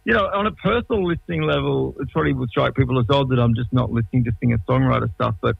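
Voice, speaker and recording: A man's voice: mid-range voice, quick pace, creaky, breathy edge, no room sound, phone-quality sound. An Australian man in his late forties, a musician talking casually in an interview, rambling and often restarting his sentences. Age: 40s. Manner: rambling, self-interrupting, laid-back. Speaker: musician guest.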